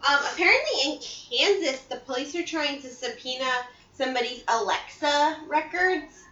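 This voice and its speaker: A woman's voice: high voice, lively intonation, moderate pace, bright, forceful tone, echoey room, lo-fi sound. A woman co-hosting a casual chat, sharing anecdotes and starting with little hesitations. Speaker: podcast co-host.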